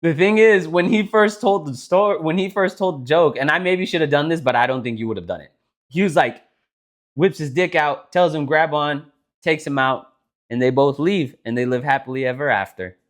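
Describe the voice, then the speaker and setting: A young man co-hosting a podcast, telling a joke and chatting casually, animated and swearing casually. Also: fairly high pitch, normal speed. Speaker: podcast co-host.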